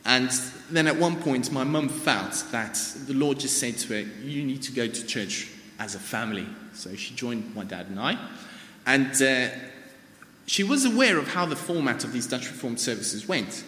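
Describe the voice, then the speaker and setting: A South African man in his thirties, whose first language is Afrikaans, preaches a sermon in church as informal personal storytelling, with a South African accent. His medium-pitched voice is bright and forceful, with big pitch swings at a moderate pace. The recording carries a reverberant church-hall sound and a little hiss or hum.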